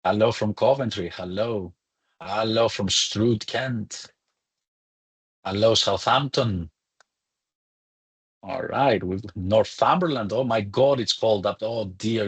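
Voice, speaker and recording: Husky-voiced man hosting a webinar. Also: fairly low pitch, slow, long pauses. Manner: chatty and welcoming, with fillers. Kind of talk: casual live webinar hosting.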